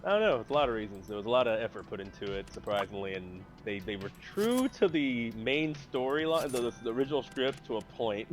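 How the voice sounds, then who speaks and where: A man chatting casually on a live stream, rambling excitably about movies with big jumps in pitch and loudness. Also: a little fast, hardly any pauses, faint music behind. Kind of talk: casual chat.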